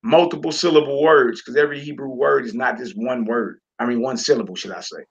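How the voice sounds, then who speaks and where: A man teaching a live-streamed Hebrew lesson casually, repeating words and drilling syllables slowly. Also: mid-range voice, creaky, breathy edge, dull audio.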